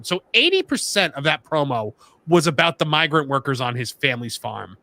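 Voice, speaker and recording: A man hosting a casual wrestling podcast, animated and joking. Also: on the high side, moderate pace, no echo. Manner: animated, joking, rambling with fillers. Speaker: host.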